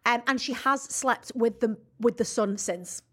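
A woman's voice: fairly high pitch, a little slow. A woman co-hosting a podcast in casual chat, brash and laughing, swearing freely. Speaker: podcast co-host.

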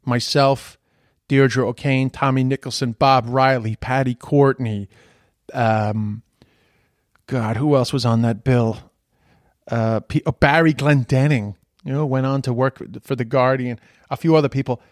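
A man's voice: medium pitch, fairly even intonation, a little slow, no echo. Rambling middle-aged Irish man with a dry, close sound. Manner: rambling, many self-corrections, swears casually. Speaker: comedian. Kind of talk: casual storytelling.

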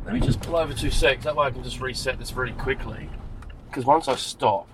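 A man's voice: mid-range voice, brisk, background noise. An Australian man hosting a podcast while driving a rideshare car, chatting in an upbeat, chummy way with his passengers. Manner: upbeat, chummy, calls riders mate and darling. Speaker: rideshare driver and podcast host. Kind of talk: casual chat.

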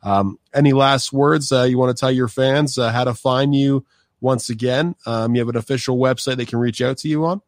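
A man's voice: medium pitch, fairly even intonation, normal speed, no echo, studio quality. A man hosting a podcast interview, talking casually and loosely with lots of fillers and restarts. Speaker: podcast host.

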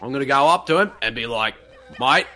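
A man's voice: mid-range voice, animated, brisk, pushed and bright. A man putting on a boastful, brawling middle-aged movie star as a joke impression, talking bluffly and laughing. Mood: boisterous.

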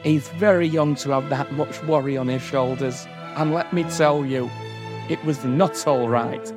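A man's voice: medium pitch, a little slow, music in the background, close to an everyday voice. A man voicing an indignant, pompous parent who sounds off in a comedy sketch with haughty, theatrical outrage. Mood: outraged.

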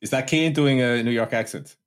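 A man's voice: mid-range voice, a little fast. A man co-hosting a film podcast in casual chat, blunt, sweary and sardonic. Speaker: podcast co-host.

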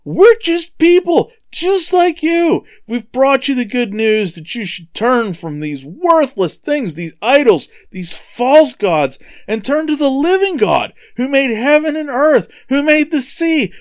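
A man acting as a pleading apostle, shouting high. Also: sing-song, measured pace, few pauses, heavily acted. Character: apostle pleading urgently with a crowd. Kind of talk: Bible story retelling.

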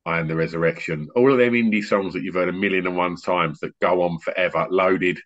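A middle-aged man hosting a podcast on a video call, a rambling, animated storyteller who often restarts his sentences. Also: sits low, a little fast. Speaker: podcast host and DJ. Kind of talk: casual chat on an online call. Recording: muffled lo-fi online call audio.

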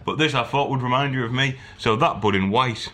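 A man's voice: medium pitch, a little fast, bright, forceful tone. A man co-hosting a podcast, chatting cheekily, laughing and swearing casually. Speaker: podcast co-host. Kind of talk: casual chat.

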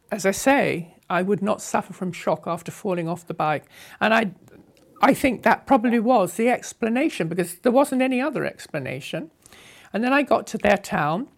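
A woman in her eighties, unhurriedly telling a story from her past as an interviewee, with a wry touch and soft laughs. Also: lowish voice. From England. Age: 80s. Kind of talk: reminiscing storytelling.

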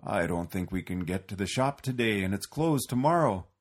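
Deep, husky, gentle old man voiced by the male narrator, low-key and weary. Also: lively intonation, moderate pace. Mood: calm weary.

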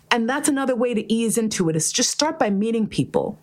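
A woman in casual podcast chat, telling a story in a lively way and swearing often. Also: a little high, fairly quick. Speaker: podcast host.

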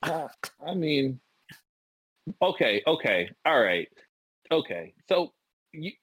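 A man's voice: a little high, sing-song, slow, fairly bright tone, breathy edge, dry recording, low-quality recording. A young man co-hosting a podcast, telling stories in a rambling casual way and laughing often. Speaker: podcast co-host. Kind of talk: casual chat.

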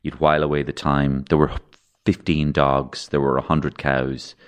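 An Irish man appears as a podcast guest, rambling through darkly funny childhood stories and acting out voices along the way. He has a bass voice with a flat delivery and a moderate pace. His tone is clear and resonant.

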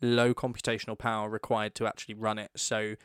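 A man's voice: on the low side, completely flat delivery, fast talker, clear, resonant tone, no echo, clean studio sound. A man co-hosting a casual podcast, explaining things in detail and restarting phrases. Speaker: podcast co-host. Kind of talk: casual chat.

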